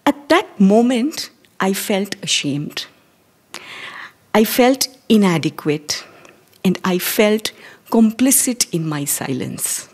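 Indian woman, forties, breathy voice, live stage storyteller, measured and hesitant. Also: mid-range voice, big pitch swings. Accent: Indian English. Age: 40s. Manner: measured and hesitant, dropping to near-whispers.

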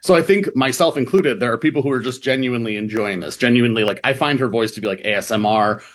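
A man's voice: mid-range voice, quick pace. A man talking as a reporter guest, explaining at length in a loose, rambling way with many fillers and restarts, sometimes mimicking other voices in jest. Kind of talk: casual explanatory chat.

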